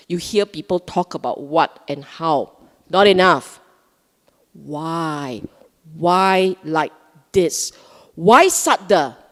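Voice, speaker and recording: A woman giving a live Buddhist Dhamma talk, emphatic and questioning, often repeating words for stress. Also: mid-range voice. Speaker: Buddhist dharma speaker. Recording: long hall reverb.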